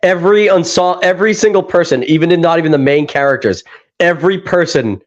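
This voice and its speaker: A man, hosting a casual podcast chat and excitedly retelling comedy scenes, swearing and laughing as he goes. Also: on the high side, quick pace. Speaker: podcast host. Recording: dull lo-fi sound.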